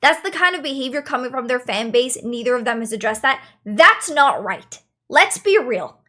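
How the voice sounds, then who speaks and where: A woman with a high, light voice talks to her stream chat in a loose, chatty way. She circles back on her own phrases and repeats them for emphasis. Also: animated, a little fast, sharp tone. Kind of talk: casual stream commentary.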